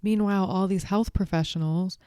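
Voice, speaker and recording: A woman talking casually about a book in a chatty, expressive way, with frequent asides. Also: mid-range voice, moderate pace, smooth, no room sound, clean studio sound. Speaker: vlogger.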